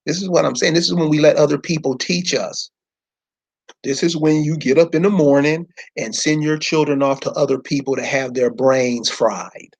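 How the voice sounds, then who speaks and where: A man's voice: on the high side, steady tone, moderate pace. A man giving an informal lecture from a map, speaking in loose slangy speech and firing rhetorical questions straight at his listeners.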